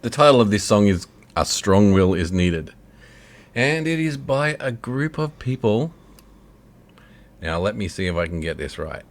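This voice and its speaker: A man's voice: on the low side, big pitch swings, measured pace. A man co-hosting a casual online radio show, joking and laughing with his co-host. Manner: jokey, laughs often, puts on a mock announcer voice.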